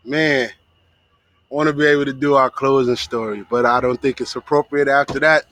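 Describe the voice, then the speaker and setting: A man co-hosting a casual podcast outdoors at night, excitable, yelling and laughing loudly. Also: medium pitch, moderate pace. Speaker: podcast co-host. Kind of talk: casual chat.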